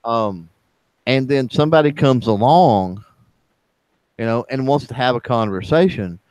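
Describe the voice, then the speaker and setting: A man co-hosting a casual online chat, speaking in a halting way with many fillers and restarts. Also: mid-range voice, lively intonation, a little mellow, clean tone, dry recording. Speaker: livestream chat co-host.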